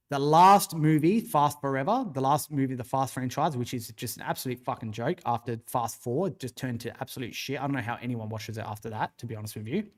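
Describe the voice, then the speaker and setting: An Australian man hosting a wrestling livestream, giving opinionated, rambling commentary, answering chat and swearing freely. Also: mid-range voice. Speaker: wrestling show host.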